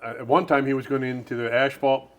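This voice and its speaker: A man in a casual family conversation, reminiscing about his grandfather's old work. His voice sits at an ordinary middle pitch, relaxed and conversational. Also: fast, muffled recording. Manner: reminiscing, laughs along. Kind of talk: casual chat.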